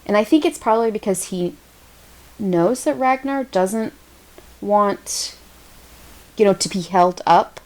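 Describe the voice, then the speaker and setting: A woman's voice: mid-range voice, expressive, unhurried, long pauses, darkish tone. An American woman co-hosting a casual podcast, her voice swinging up and down with lots of energy. She chats easily and breaks into giggles often. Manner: giggly, chatty. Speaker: podcast co-host. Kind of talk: casual chat.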